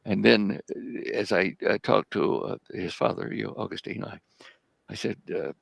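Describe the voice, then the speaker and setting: Deep gravelly older man spinning a story. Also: fairly even intonation, no room sound. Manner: halting, repeats words while telling a story. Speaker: guest researcher. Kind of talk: storytelling in a live talk show.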